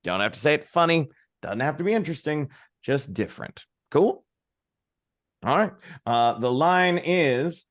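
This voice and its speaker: A man's voice: a little high, very animated, normal speed. A man facilitating an interactive virtual workshop over a video call, upbeat and encouraging, often checking in with the group. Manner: upbeat, encouraging, peppered with "right?".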